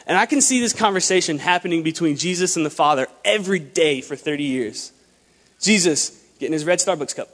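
A young man preaching a sermon to a church, animated, acting out dialogue in lowered voices. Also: a little fast. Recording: long hall reverb.

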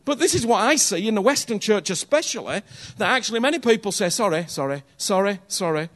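A man's voice: high-pitched, animated, fast, a bit bright. A man preaching a sermon in a conversational, earnest way, often checking in with his listeners and repeating phrases for emphasis.

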